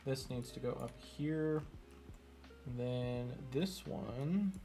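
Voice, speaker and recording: A man's voice: mid-range voice, slow, mellow, soft background music. A man streaming while he programs, muttering to himself, scolding his code and turning to joke with his viewers. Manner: self-mocking, laughs with viewers. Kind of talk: casual chat while programming.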